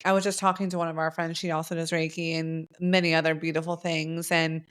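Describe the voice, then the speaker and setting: A woman co-host with a somewhat low voice leads a relaxed interview. She asks long, reflective questions, circling her point with "like" and "you know." Her tone stays casual and conversational throughout. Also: a little fast, clean tone. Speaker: podcast co-host.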